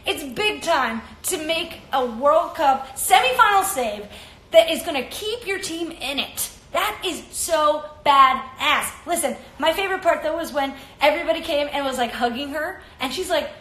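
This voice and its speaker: A woman hosting a casual live soccer chat, energetic and fast-talking. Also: sits high, reverberant. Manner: energetic, animated, talks fast. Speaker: host of an Instagram Live soccer show. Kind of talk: casual chat and game recap.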